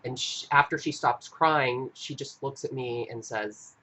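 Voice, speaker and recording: A man hosting a live stream, earnestly recounting an experience in a halting, casual way with frequent restarts. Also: medium pitch, sharp tone, a little hiss or hum. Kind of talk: casual storytelling.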